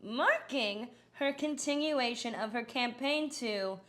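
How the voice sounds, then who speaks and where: A woman's voice: a little high, slow, fairly bright tone. A woman impersonating a middle-aged female politician as a satirical news anchor, cackling with laughter between crude punchlines. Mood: joking.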